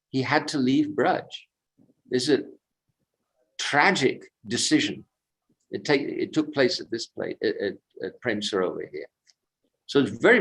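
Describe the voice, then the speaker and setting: Walking a pilgrimage route by a sacred lake, a man of medium pitch recounts devotional stories in a slow, reflective way. Personal anecdote and gentle commentary blend together as he talks, though the recording quality is poor.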